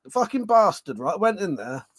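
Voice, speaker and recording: A man's voice: sits high, very animated, fairly quick, slightly rough. A man hosting a casual livestream chat. He swears a lot and laughs often. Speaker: livestream host.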